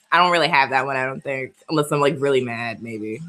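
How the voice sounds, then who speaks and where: A woman's voice: extremely low pitch, a little fast, fairly bright tone. A woman in her twenties from the Bronx with a light New York accent, chatting casually and laughing a lot on a live stream. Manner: chatty, laughs often, reads viewer comments. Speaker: livestream host.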